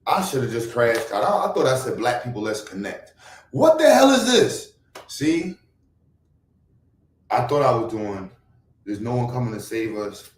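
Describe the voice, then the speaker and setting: This livestream host from Brooklyn speaks briskly and rambles through casual chat on his stream, lurching from loud bursts to quiet mutters. The mic is far from him, and the room gives off a bouncy echo.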